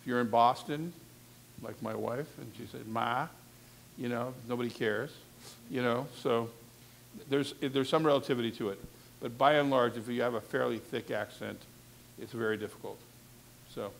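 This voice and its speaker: A man's voice: mid-range voice, steady tone, moderate pace, vocal fry, slight background noise. A man coaching a class on reporting, speaking candidly and conversationally in a classroom session. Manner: candid, conversational, frank asides. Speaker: talent coach. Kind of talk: instructive classroom talk.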